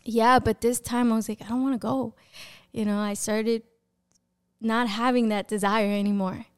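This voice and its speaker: Smooth-voiced woman telling her testimony. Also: on the high side, normal speed. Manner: animated storytelling, acting out remembered voices, laughing often. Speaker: podcast guest sharing testimony. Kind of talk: personal testimony in casual conversation.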